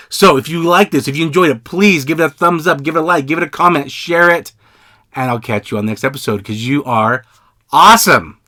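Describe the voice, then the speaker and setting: A man hosting a podcast, giving casual advice in an energetic, conversational way, often repeating himself. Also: fairly high pitch. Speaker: podcast host. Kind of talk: casual solo podcast talk.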